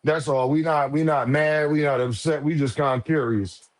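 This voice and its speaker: A man hosting a casual live boxing stream, loose and profane, teasing viewers and shouting out donors. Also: a little high, fairly even intonation, normal speed. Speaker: livestream host.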